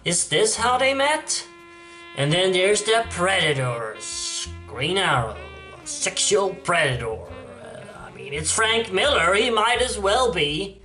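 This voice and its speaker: Man, comic book reading, sarcastic, slow-paced, faint music behind. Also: high-pitched, big pitch swings, pushed and bright. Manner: sarcastic, jokey asides, switches between mock voices. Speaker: comic reader and commentator.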